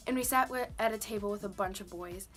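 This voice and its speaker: A woman's voice: medium pitch, quick pace, soft background music. A young woman chatting casually to the camera, telling a personal story with many "like" and "um" fillers. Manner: chatty, lots of "like" and "um". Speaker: vlogger.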